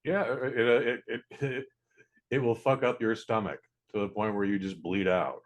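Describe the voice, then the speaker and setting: A man's voice: fairly low pitch, steady tone, moderate pace. A man co-hosting a casual podcast, talking in a laid-back, matter-of-fact way and swearing freely. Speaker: podcast co-host.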